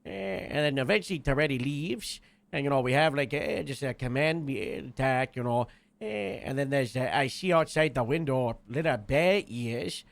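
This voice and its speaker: A man's voice: medium pitch, moderate pace, vocal fry, no room sound. A man telling a long story in character during a roleplay game, rambling with lots of filler and restarts.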